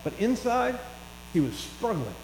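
Man, pastor, sermon, conversational storytelling, slightly high voice, long hall reverb. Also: a little slow. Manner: conversational, rising to excited storytelling. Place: church hall. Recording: echoey hall with faint mains hum.

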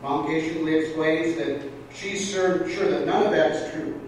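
Man, pastor, conversational sermon, slightly higher voice, booming reverberant church hall. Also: normal speed, slight background noise. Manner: conversational preaching with small restarts, acting out quoted voices. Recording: echoey church hall from far off.

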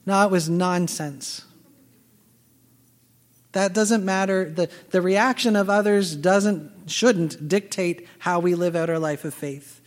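A man's voice: high voice, takes it slowly. A man preaching a sermon as pastor, telling a personal story and acting out the dialogue. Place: church sanctuary. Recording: long reverb of a large hall.

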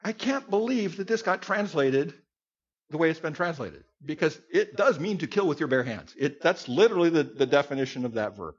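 Male Bible teacher, husky, higher voice with a lively swinging pitch, folksy teaching manner, dull lo-fi recording. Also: brisk. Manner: conversational, folksy, with asides and sudden loud outbursts. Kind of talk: sermon teaching to a group.

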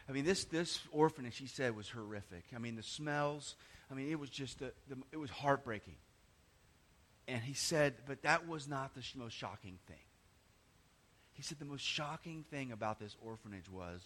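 A pastor preaches a passionate sermon in a medium-pitched voice, rising to emphatic cries and falling to hushed, near-whispered lines. He often repeats words as he restarts phrases.

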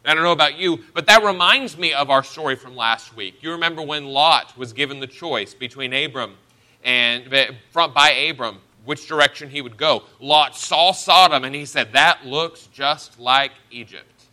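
A man's voice: fairly high pitch, normal speed, bright, forceful tone. A man preaching a sermon, teaching through a Bible passage verse by verse with earnest emphasis.

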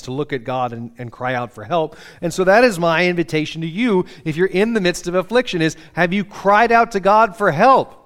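Earnest male pastor preaching a sermon. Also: on the high side. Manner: earnest, reads scripture aloud with feeling, conversational asides.

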